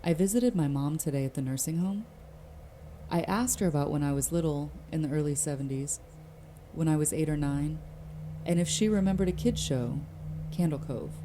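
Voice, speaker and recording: A woman reading forum posts aloud in slow, somber horror story narration. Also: low-pitched, dark tone, slight background noise.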